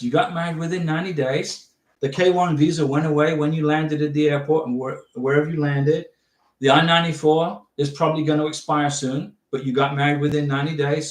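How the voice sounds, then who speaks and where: A middle-aged man hosting a livestream, casually giving visa advice and reading out viewer questions in a chatty, reassuring way. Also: on the high side. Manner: chatty, repeats and restarts, reassuring. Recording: echoey room.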